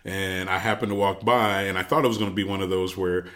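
A man telling a long story in casual chat, animated, with frequent fillers and restarts. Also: low-pitched, fast talker. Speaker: podcast storyteller.

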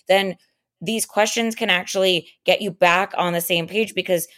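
A woman's voice: medium pitch, fairly even intonation, moderate pace, fairly bright tone. A woman co-hosting a relationship podcast, giving earnest advice in long, explanatory turns of casual chat. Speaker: podcast co-host.

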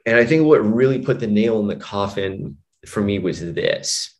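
Here the hypnotist and mind coach speaks fairly low, animated and unhurried, as a guest in a casual interview. His long story meanders, full of "you know" and "like," and he keeps restarting.

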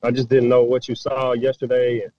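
A man's voice: mid-range voice, completely flat delivery, brisk, no echo. A man co-hosting a casual sports talk, hesitant and searching for words as he asks a question. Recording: dull line with faint noise.

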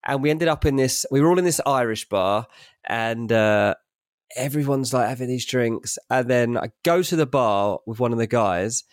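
A man's voice: medium pitch, normal speed, no room sound, clean studio sound. A young British man co-hosting a podcast, telling self-mocking stories in a chatty, matey way. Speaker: podcast co-host. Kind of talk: casual chat.

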